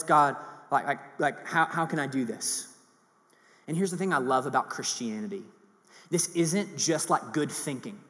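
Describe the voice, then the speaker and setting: A man preaching a sermon in a casual, animated way with many fillers. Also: a little high. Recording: long hall reverb.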